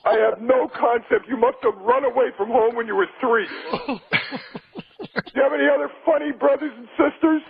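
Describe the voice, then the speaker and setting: Gravelly high-voiced brash man. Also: normal speed, a crowd in the background. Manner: loud, brash, teasing. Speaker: comedy guest. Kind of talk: rowdy radio banter. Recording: lo-fi radio recording.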